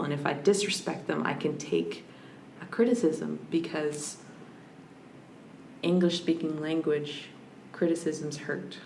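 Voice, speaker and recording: Low, gravelly-voiced woman, thoughtful. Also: steady tone, measured pace, darkish tone. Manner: thoughtful, searching, with frequent restarts. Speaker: podcast guest, language scholar. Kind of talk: reflective conversational interview. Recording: roomy with faint background hiss.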